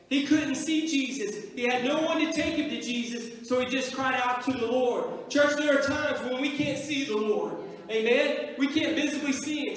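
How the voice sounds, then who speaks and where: A man's voice: extremely high pitch, a bit bright. A middle-aged man preaching a sermon as pastor, calling out to the church with repeated questions for agreement. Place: church sanctuary. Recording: echoey hall from far off.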